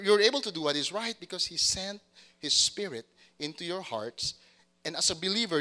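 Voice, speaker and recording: A man's voice: on the high side, sharp tone. A man preaching a sermon to a congregation, often repeating words and restarting phrases and checking that the listeners follow. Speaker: pastor.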